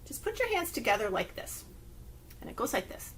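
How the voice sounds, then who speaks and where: This woman's voice sits high and swings hugely in pitch at a normal speed as she talks sing-song to young children. She's a children's librarian running story time with rhymes and finger plays from her home.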